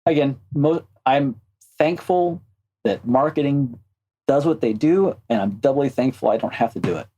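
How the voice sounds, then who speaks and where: Mellow guy, game animator on a podcast, thinks out loud, lots of restarts. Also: medium pitch, slight background noise, rough recording. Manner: thoughtful, halting with restarts. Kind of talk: casual interview chat.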